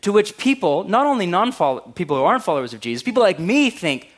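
Wry, animated pastor. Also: male voice, high voice, fast talker, few pauses. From California. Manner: animated, wry, acts out quotes in a raised voice. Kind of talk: conversational sermon.

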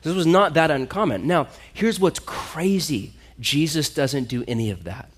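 A pastor preaching a sermon in a lively, conversational way, talking straight to his listeners. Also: fairly high pitch, moderate pace, breathy edge.

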